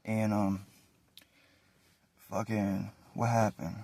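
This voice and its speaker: A man telling a casual, animated story about his past in slangy, profane talk. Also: on the low side, very slow, no echo.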